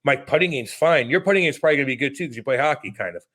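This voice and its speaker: A man in his thirties co-hosting a podcast, chatting casually. He tells stories with lots of swearing and gets animated as he goes. His voice sits at an ordinary pitch for a man. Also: very fast, breathy edge. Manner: profane, animated storytelling. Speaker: podcast co-host. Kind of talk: casual chat.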